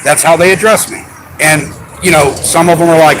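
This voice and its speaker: A man's voice: fairly high pitch, fairly quick, noisy background. A man, frustrated and insistent, making a complaint to a police officer on a live stream. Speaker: citizen auditor filing a complaint. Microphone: phone live stream.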